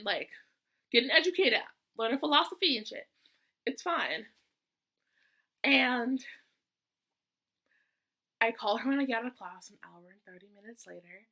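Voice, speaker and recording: Her voice sits fairly high, bright and forceful in tone. She's a young adult student and vlogger recounting a casual storytime in a chatty, exasperated manner with sassy asides.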